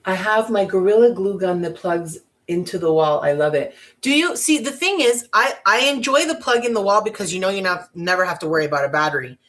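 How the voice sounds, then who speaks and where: A woman's voice: medium pitch, expressive, fairly quick, hardly any pauses, fairly bright tone. A woman giving a casual crafting tutorial, chatty and bubbly with giggly asides. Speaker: craft vlogger.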